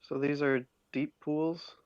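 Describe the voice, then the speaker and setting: A man playing a tabletop game, making dry, measured remarks. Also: a little high, little pitch movement, no echo. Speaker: player. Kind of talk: casual tabletop game chat. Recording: dull, dry lo-fi mic.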